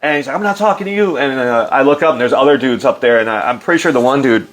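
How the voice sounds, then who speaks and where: A middle-aged man with an animated storytelling manner, loose and full of fillers, acting out quotes in a livelier voice. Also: mid-range voice, fast. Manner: loose, filler-heavy delivery. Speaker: interview guest. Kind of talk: casual storytelling.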